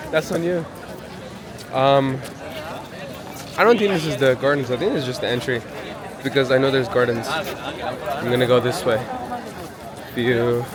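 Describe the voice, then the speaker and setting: A man rambles through a casual travel vlog, joking at his own expense in a mid-pitched voice. He walks outdoors with a handheld camera, and a lively crowd chatters around him. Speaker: travel vlogger. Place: outdoors at a busy palace grounds. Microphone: handheld camera while walking.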